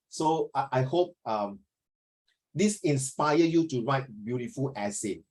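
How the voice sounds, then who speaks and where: Speaking in a mid-range voice at a slightly slow pace, a middle-aged Singaporean man teaches online over video call. He tells lively, chatty stories in Singaporean-accented English, switching into Mandarin at times, and the recording is rough.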